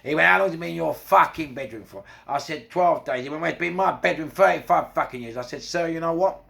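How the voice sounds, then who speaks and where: Gravelly London man telling a story. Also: a little high, quick pace. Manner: swearing, animated retelling with acted quotes. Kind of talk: casual crime storytelling.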